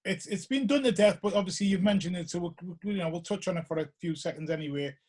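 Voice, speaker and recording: A man with a Geordie accent hosts a relaxed interview in a slightly raised voice. He talks quickly, rambling through restarts and filler phrases as he works out his point. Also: high voice. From North East England. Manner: rambling, hesitant, full of restarts and "you know". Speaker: podcast host. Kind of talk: casual interview chat.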